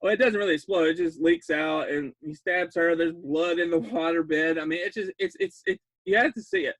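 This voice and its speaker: A man excitedly recapping a bad horror film, rambling, laughing often and breaking into loud disbelief. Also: fairly high pitch, fairly quick, vocal fry, no echo. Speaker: podcast host recapping a film.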